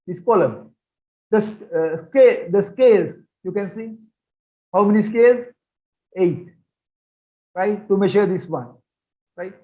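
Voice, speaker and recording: This is a man with a fairly high voice, teaching research methods in an online lecture. He talks casually, repeats himself for emphasis and asks the class questions. The sound is dull and lo-fi, like audio from a video call. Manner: repetitive, rhetorical questions, conversational teaching. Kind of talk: online lecture with shared slides.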